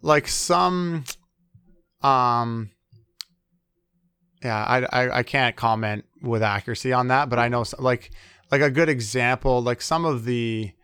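Guy explaining mental stuff, lots of ums, smooth clear voice. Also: mid-range voice, a little slow, pauses often, fairly bright tone, dry recording, studio quality. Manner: thoughtful, many fillers and restarts, acts out examples. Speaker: sport psychologist guest. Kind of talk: casual interview talk.

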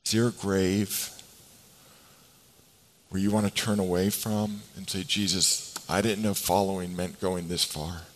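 Expressive man preaching a sermon. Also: low voice, a little slow, poor audio. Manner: expressive, swings between hushed and emphatic delivery; acts out scripture voices. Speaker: pastor.

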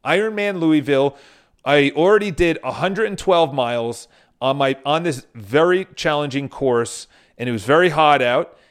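A man's voice: a little high, animated, moderate pace, smooth. A man speaking to viewers in a casual motivational monologue, telling stories with frequent restarts and casual swearing. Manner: addresses viewers directly.

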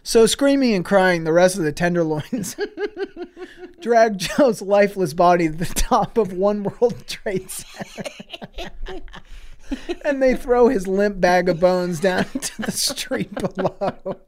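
A man's voice: sits high, expressive, slow, a little mellow. A man co-hosting a podcast, escalating an absurd, crude improvised story with swearing and laughter. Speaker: podcast co-host.

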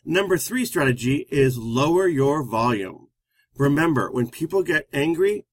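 Male co-host, slightly high voice, emphatic advice-giver, dry close sound. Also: measured pace, no echo. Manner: animated, emphatic storytelling. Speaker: relationship counselor co-host. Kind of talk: casual advice chat.

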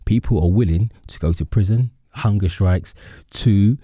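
A male podcast host with a very deep, mellow voice speaks reflectively, pausing and repeating words as he thinks. The sound is dry and close. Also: husky, no echo. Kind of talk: casual podcast conversation.

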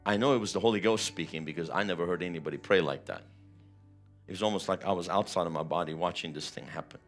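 A man's voice: deep voice, quick pace, soft background music. A man preaching a sermon, retelling a personal testimony with vivid, emotional storytelling. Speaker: pastor.

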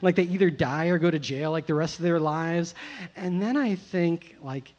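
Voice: medium pitch, moderate pace, darkish tone. An adult storyteller telling a personal tale, rambling and self-mocking, full of "you know" and "like". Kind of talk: live first-person storytelling. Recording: muffled lo-fi recording.

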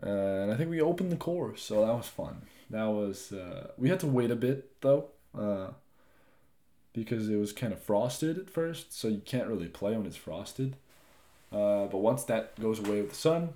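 A young man hosting his own podcast, chatting loosely and rambling, with frequent swearing and lively asides. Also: medium pitch, moderate pace. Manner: rambling, profane, animated asides. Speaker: podcast host. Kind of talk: casual solo podcast chat.

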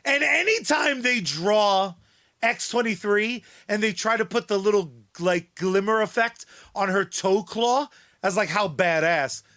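Male podcast co-host, high voice, unhurried, sardonic and profane. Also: bright, forceful tone. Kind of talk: casual podcast chat.

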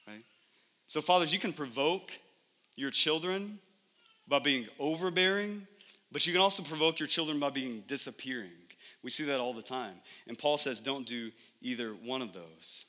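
A man in his thirties preaching a sermon as pastor, animated and conversational, acting out little scenes at home. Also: medium pitch, moderate pace. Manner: animated, acts out scenes in lively voices. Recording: long hall reverb.

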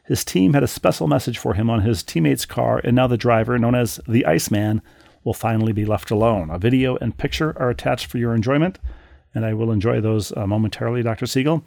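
Man, podcast co-host: gravelly voice, dry close sound, reads mail then tells stories wryly with many restarts. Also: mid-range voice, a little fast, no room sound. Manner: wry, animated storytelling with frequent restarts. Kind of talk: casual podcast chat, reading listener mail aloud.

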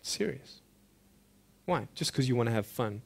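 A man giving a motivational speech to a school audience, impassioned, firing rhetorical questions and swinging between loud urging and hushed intensity. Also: medium pitch, animated, unhurried, vocal fry, slightly rough. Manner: direct rhetorical questions to listeners. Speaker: motivational speaker.

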